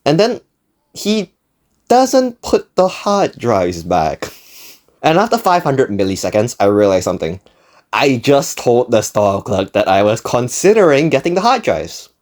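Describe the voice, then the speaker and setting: A man's voice: medium pitch, big pitch swings, normal speed. Young man telling a dramatic comic story. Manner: self-deprecating, dramatic comic exaggeration. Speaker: channel creator. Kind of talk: comedic storytime narration.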